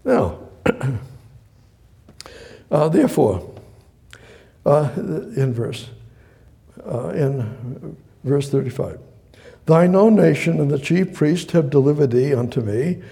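A man's voice: a little high, animated, takes it slowly, vocal fry, long pauses, dark tone. A man preaching verse by verse from the Bible, reading passages aloud and then explaining them, sometimes acting out the speakers. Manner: reads scripture then explains, acting out voices.

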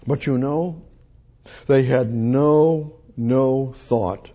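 Slow, husky-voiced man preaching. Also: mid-range voice, mellow. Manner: emphatic, repeats phrases, exclaims. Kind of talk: sermon.

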